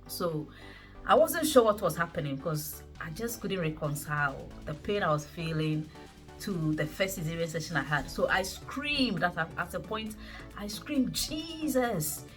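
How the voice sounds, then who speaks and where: A woman's voice: on the low side, animated, normal speed, fairly bright tone, faint music behind. A woman in her thirties, chatting and laughing as she retells her birth story to her viewers. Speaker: vlogger recounting her birth. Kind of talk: casual storytelling to camera.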